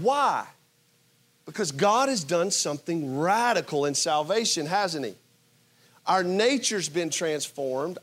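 A male pastor with a high-pitched voice preaches a sermon emphatically. He alternates between loud bursts and quiet asides and poses rhetorical questions to his listeners.

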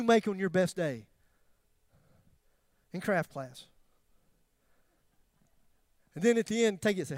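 A man preaching a sermon, swinging between loud emphatic questions and near-whispered tenderness, with self-deprecating humor. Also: sits high, lively intonation, slow pace, long pauses, dry recording, clean studio sound. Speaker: pastor.

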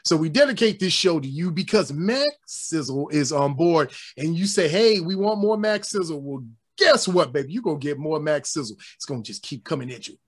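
A man co-hosting a casual sports talk show, animated and joking, slipping into voices. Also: fairly high pitch, normal speed, husky. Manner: animated, playful, jokes and does voices. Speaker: podcast co-host.

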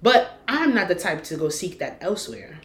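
A woman's voice: on the low side, big pitch swings, normal speed, a bit bright, roomy sound. A woman co-hosting a podcast in casual, blunt chat, swearing freely. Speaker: podcast co-host.

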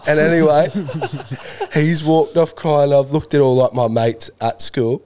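A man's voice: a little high, level tone, unhurried, warm tone, clear, resonant tone. A young man co-hosting a casual podcast, telling a story with laughs and swearing. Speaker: podcast co-host.

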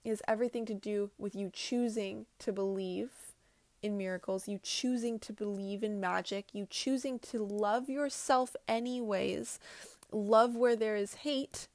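A spiritual wellness vlogger with a medium-pitched, darkish voice speaks steadily and at a measured pace, talking to camera without echo. Her casual, earnest chat about healing and self-love is aimed straight at viewers, and she returns to the same points often.

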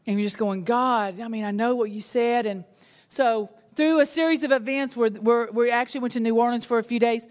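A middle-aged woman, preaching a sermon and telling a personal story with animated, self-mocking humor. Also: fairly high pitch, fairly quick, long reverb tail. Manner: animated storytelling, laughs at herself. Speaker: pastor's wife and preacher.

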